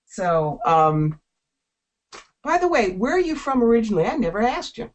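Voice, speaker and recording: A woman from South Jersey hosting a call-in radio show, talking in a brisk, playful, chatty way. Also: fairly high pitch, sing-song. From South Jersey, USA.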